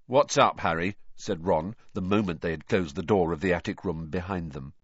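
A man narrating an audiobook with expressive storytelling, on a dull lo-fi recording. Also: deep voice, fairly quick, husky, no echo. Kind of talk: audiobook reading.

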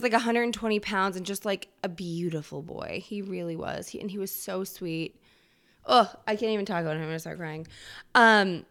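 A woman host with a smooth, clear voice of middling pitch, ranting in a loose comedic way. She swears freely and breaks into laughter now and then. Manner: profane, animated, laughs often. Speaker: podcast host. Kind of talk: casual comedic rant.

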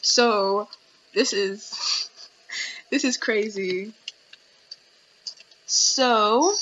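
A woman's voice: medium pitch, very slow, bright, forceful tone, lo-fi sound. A young adult woman hosting a podcast, ranting animatedly in casual chat with lots of fillers. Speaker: podcast host.

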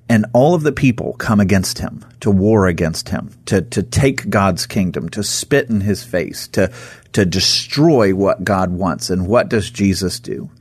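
A man's voice: fairly low pitch, breathy edge, dry recording. A man co-hosting a casual Bible discussion, talking animatedly and acting out quoted speech.

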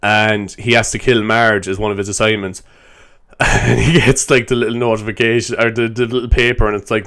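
A man's voice: mid-range voice, fairly even intonation, a little fast, fairly bright tone. A young man hosting a solo podcast, rambling loosely, swearing and laughing as he talks. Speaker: podcast host. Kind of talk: solo improvised podcast chat.

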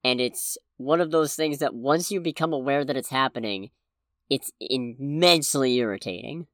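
A man's voice: medium pitch, moderate pace, a bit bright, no room sound, clean studio sound. A man co-hosting a podcast, talking casually about a film and reacting with short remarks. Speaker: podcast co-host. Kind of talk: casual movie review chat.

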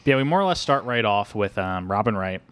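Rambling young man, low voice. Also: animated, a little fast, fairly bright tone, clean tone. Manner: rambling, filler-heavy, laughs often. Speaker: podcast co-host. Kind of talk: casual movie-review chat.

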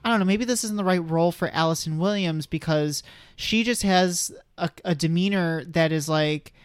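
A man's voice: a little high, moderate pace, smooth, no room sound. A man co-hosting a podcast, talking casually and a bit hesitantly about a film, with many restarts and small laughs. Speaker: podcast co-host. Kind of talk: casual film-review chat.

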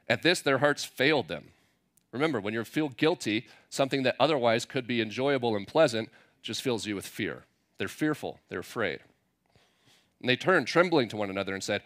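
A man preaching a sermon in a relaxed, conversational way, reading scripture and paraphrasing it playfully. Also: mid-range voice. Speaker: pastor.

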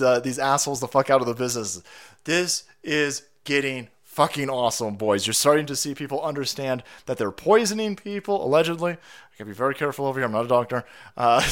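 Man, livestream host, sick with a cold, profane, fired-up, high-ish voice. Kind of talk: ranting livestream commentary.

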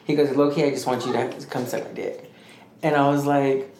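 Man, podcast co-host, rambling animated storyteller, roomy echo, faint hiss. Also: medium pitch, moderate pace. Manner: rambling, animated, quotes others' dialogue. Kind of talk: casual storytelling chat. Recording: echoey room with faint noise.

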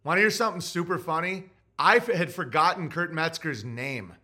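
A man hosting a livestream podcast, rambling loudly and mockingly while reading out chat comments. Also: fairly high pitch, moderate pace, husky. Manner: loud, rambling and mocking, often swinging into mock voices. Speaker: podcast host.

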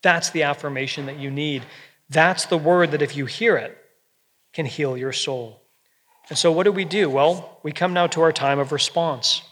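A man preaching a sermon as pastor, earnest and gentle, with soft quoted asides. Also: on the high side, normal speed, long reverb tail.

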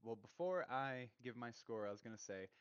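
A man co-hosting a casual film review chat, halting and hedging as he gives his opinions. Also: mid-range voice, lively intonation, smooth, dry recording, dull audio. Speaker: podcast co-host.

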